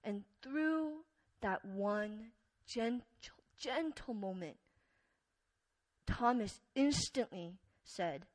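A woman preacher giving an earnest, conversational sermon, telling the story with many fillers and wide swings between loud and soft. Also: on the high side, expressive, drawn-out words, long pauses, poor audio.

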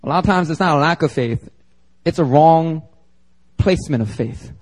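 A pastor from Philadelphia preaching a sermon to a congregation, emphatic and conversational, with slangy asides. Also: male voice, a little high, moderate pace, darkish tone. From Philadelphia, United States. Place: church service before a congregation.

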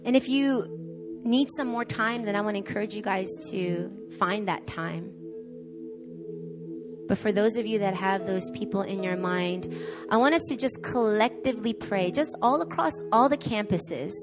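A woman preaching a sermon at a church service in an animated way, acting out the voices she quotes. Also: mid-range voice, moderate pace, music in the background. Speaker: guest preacher.

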